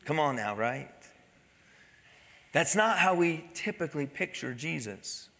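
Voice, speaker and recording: Bright high-voiced preaching man. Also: expressive, a little slow, gravelly, in a large hall. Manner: dramatic preaching, acting out crowd voices. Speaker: pastor. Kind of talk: sermon.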